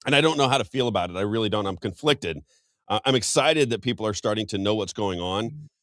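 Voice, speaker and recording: A man's voice: fairly low pitch, animated, fast, a bit bright, no room sound, clean studio sound. An American man hosting a casual political talk show, telling rambling anecdotes. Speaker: host.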